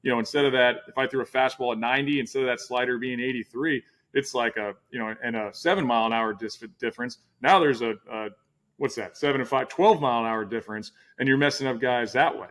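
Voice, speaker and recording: A man's voice: medium pitch, fast talker, fairly bright tone. Rambling man hosting a casual chat. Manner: rambling, many restarts and fillers. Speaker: podcast host.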